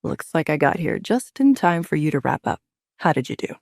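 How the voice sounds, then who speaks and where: A woman's voice: sits low, big pitch swings, normal speed, gravelly, a little mellow, no room sound, clean studio sound, heavily acted. A woman voicing a firm young werewolf alpha male. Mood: calm, charming.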